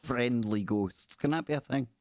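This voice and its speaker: A male talk show host in casual chat, curious and quick to jump in with questions. His voice is mid-pitched and recorded dry and close. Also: darkish tone, dry recording.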